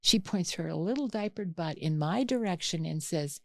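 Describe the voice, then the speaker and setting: A woman's voice: lowish voice, moderate pace, creaky, no room sound, studio quality. An older woman, a mother and podcast guest, telling family stories in casual chat, acting out quotes with lots of restarts. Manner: animated storyteller, acts out quotes, frequent restarts.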